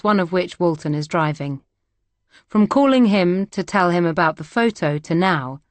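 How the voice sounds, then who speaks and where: A woman narrating a third-person thriller audiobook in a measured, steady way. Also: fairly low pitch, dry recording.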